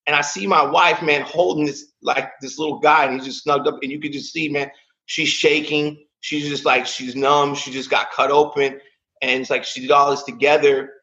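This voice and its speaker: A man's voice: on the high side, little pitch movement, moderate pace, bright, forceful tone, muffled recording. Emotional man in his thirties telling his story. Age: 30s. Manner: casual, emotional, peppered with "man" and "like". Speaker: podcast guest.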